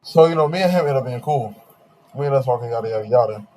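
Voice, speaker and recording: A young man hosting a podcast, telling a long dating story in slangy, animated casual chat with quoted voices. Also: medium pitch, fast, slight background noise. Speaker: podcast host.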